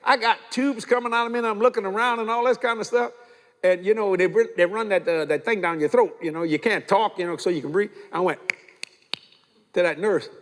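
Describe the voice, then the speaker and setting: An older man preaches with a folksy, animated delivery and acts out the people in his stories. His voice sits high for a man. The sound carries the long reverb of a large church hall. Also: fairly quick. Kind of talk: sermon with storytelling.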